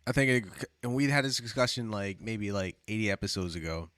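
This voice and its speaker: A man's voice: lowish voice, lively intonation, a little fast, fairly bright tone, no echo. A man talking easily as a podcast co-host. He repeats himself and laughs along, recorded in a dry, close setting. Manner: laid-back, repeats phrases, laughs often. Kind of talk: casual chat.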